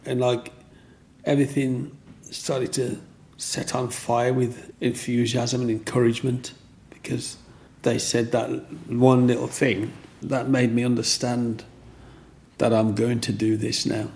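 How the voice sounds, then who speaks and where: A man's voice: mid-range voice, flat delivery, measured pace, a little mellow. An older man telling his own story in a rambling, restart-filled way, as an interviewee. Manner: rambling, with restarts and "you know what I mean".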